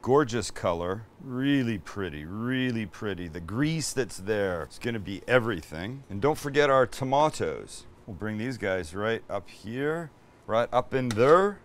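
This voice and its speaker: A man's voice: lowish voice, lively intonation, measured pace, a little hiss or hum. Chatty man cooking at the stove. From Canada. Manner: chatty and enthusiastic, swears casually. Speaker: cooking show host. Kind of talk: casual cooking demonstration. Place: home kitchen, cooking at the stove.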